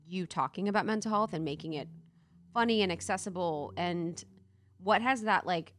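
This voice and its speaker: A woman's voice: lowish voice, normal speed, slight background noise. A young woman from Ohio hosting a podcast, chatting casually and animatedly, swearing and laughing often. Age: young adult. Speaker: podcast host. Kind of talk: casual chat.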